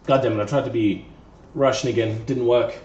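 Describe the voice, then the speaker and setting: A man's voice: medium pitch, steady tone, fairly quick, a little mellow, slight background noise. A man live-streaming while he works on a car, talking to himself in a playful, self-mocking way. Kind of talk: casual live-stream chatter while working. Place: garage or workshop. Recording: echoey, dull sound from a distant mic.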